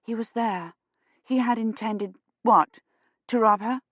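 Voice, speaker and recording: A woman narrating an audiobook in a hushed, suspenseful storytelling manner. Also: fairly high pitch, slow pace, dry recording, highs cut off. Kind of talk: scripted narration.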